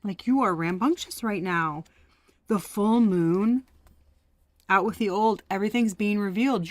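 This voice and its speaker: A woman's voice: mid-range voice, unhurried, no echo. A woman giving a casual tarot reading, chatty and profane, laughing often and sometimes dropping to a whisper. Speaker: tarot reader.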